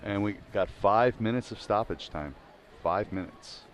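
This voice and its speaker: Color man, South Philly accent, low voice, easygoing and jokey in the booth. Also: measured pace, slight background noise. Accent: South Philadelphia. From Philadelphia, USA. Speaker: color commentator. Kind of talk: live football commentary. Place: stadium commentary booth.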